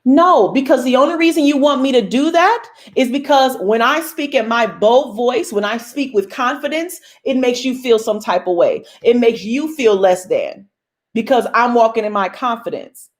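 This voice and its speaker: A woman's voice: on the high side, animated, moderate pace. A young woman hosting a casual motivational talk to her viewers, emphatic and bold like a preacher. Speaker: host.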